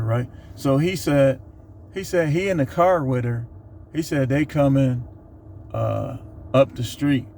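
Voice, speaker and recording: A middle-aged man telling a funny work story in a casual, animated monologue. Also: mid-range voice, a little hiss or hum. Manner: animated, laughs while telling. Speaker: vlogger.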